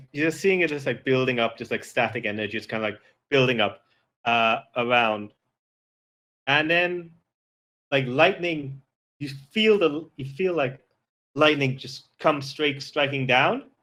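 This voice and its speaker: Bright-voiced rambling game master. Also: male voice, medium pitch. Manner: rambling, full of fillers and restarts. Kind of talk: narrating a tabletop game.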